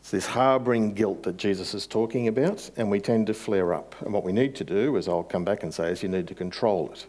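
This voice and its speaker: Male pastor, low-pitched, conversational sermon delivery with building emphasis. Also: fairly quick, few pauses, a little mellow.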